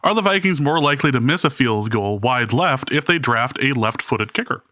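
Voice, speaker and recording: A man's voice: mid-range voice, lively intonation, moderate pace, sharp tone, dry recording. Dry, teasing man on a podcast. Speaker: podcast co-host. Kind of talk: casual podcast chat.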